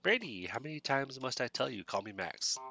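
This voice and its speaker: A man's voice: mid-range voice, very animated, normal speed, gravelly, pushed and bright, faint music behind, voice pushed up, heavily acted. A man voicing a friendly, easygoing middle-aged father.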